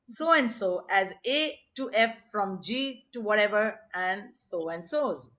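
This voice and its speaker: A woman's voice: mid-range voice, expressive, slow pace, fairly bright tone. A woman reading anecdotes aloud on a video call, laughing often and acting out the quotes. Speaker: storyteller on a group video call.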